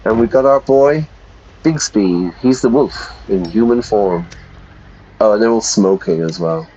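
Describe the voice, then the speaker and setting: A low-voiced man teaching English while he plays a game on stream, chatty and explaining words as he goes. He often asks viewers questions. His sound is dull and lo-fi. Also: measured pace, mellow, slight background noise. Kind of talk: casual game commentary for learners.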